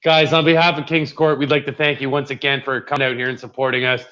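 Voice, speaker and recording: A man's voice: mid-range voice, little pitch movement, fast talker, pushed and bright, clear, resonant tone, dull audio. A man hosting a podcast in casual chat, loose and laughing, swearing freely. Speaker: podcast host.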